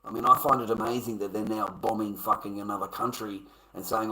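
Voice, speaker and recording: Man, streamer, profane blunt rant, lowish voice, tense and forceful. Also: steady tone, fast talker, hardly any pauses, rough recording. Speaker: livestreamer. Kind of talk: live-stream chat rant.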